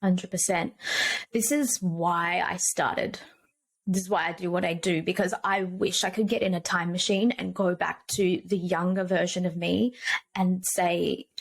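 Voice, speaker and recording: A woman's voice: lowish voice, steady tone, a little slow, creaky. A woman guest, a period coach, speaking earnestly and emphatically in a casual podcast interview.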